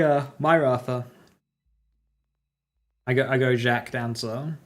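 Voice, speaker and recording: A man's voice: medium pitch, level tone, measured pace, pauses often. A man streaming a game, thinking aloud about his build and greeting his chat viewers by name. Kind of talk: casual live-stream commentary.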